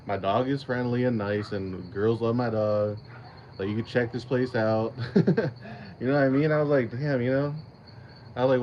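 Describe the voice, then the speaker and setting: Dull audio with a little hiss or hum carries a man's mid-range, darkish voice at normal speed. He hosts his own channel and, in casual livestream chat, rambles through a story, swearing a lot, restarting and laughing often.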